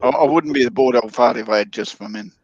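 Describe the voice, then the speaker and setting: A man's voice: medium pitch, fast, no echo, lo-fi sound. An Australian man in casual banter while co-hosting a bourbon tasting over a video call. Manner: joking, easygoing banter. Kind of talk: casual chat.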